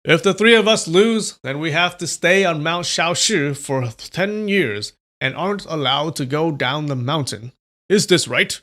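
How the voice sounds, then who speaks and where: A man voicing a ruthless old male demonic sect leader, reading him loud, boastful and threatening. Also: medium pitch, expressive, unhurried, gravelly. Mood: demanding.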